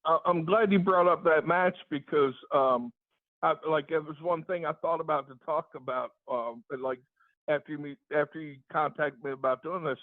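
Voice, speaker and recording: A man's voice: a little high, moderate pace, no room sound. A man guesting on a podcast, telling stories in a laid-back way, swearing freely and checking in with "right?". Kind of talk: casual storytelling. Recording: tinny phone-like line.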